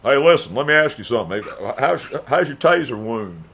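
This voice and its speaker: A man playing a brash, swaggering redneck tough guy, who makes loud, boastful threats and brags in a gravelly voice. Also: very animated, fairly quick. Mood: blustering. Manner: cocky bragging threats, drops to low confiding mutter. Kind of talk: improvised comedy character bit.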